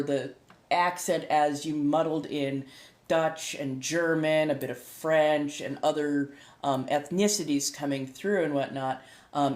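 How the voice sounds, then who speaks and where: Chatty American streamer woman, low voice, loose rambling delivery, roomy echo. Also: a little mellow. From United States. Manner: rambling, laughs often, self-correcting. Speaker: streamer and tarot reader. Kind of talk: casual chat to live viewers. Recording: echoey room.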